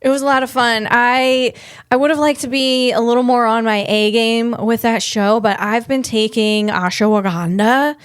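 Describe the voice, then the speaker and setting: A woman comedian hosting her podcast, telling stories in a casual comedic monologue with animated, acted-out quotes. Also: fairly high pitch, normal speed, smooth, dry recording, clean studio sound.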